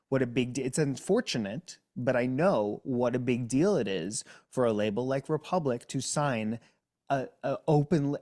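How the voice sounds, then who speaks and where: A man from New Jersey, a guest on a podcast, talking in a lively, theatrical way with big jumps up in pitch. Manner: exuberant, theatrical, with big upward pitch swings. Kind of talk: casual interview chat.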